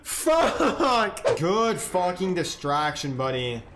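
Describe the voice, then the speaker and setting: A young man streaming a video game, swearing, shouting and laughing as he reacts to the match. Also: a little high, normal speed, heavy background noise. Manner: profane, excitable, yells and laughs at the game. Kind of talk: live gameplay commentary.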